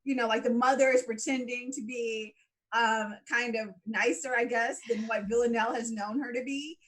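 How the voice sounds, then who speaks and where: A woman co-hosting a casual show recap, animated and laughing often as she acts out her reactions. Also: a little high, normal speed. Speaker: podcast co-host.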